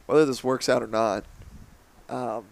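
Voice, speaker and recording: A man's voice: medium pitch, steady tone, measured pace, gravelly, dry recording. A man hosting a casual podcast conversation, laid-back and reflective, chuckling often. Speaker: podcast host.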